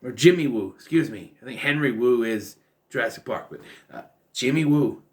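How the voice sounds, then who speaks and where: A man's voice: medium pitch, animated, normal speed, darkish tone. A man giving a casual, rambling film commentary, full of fillers and restarts. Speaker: film reviewer.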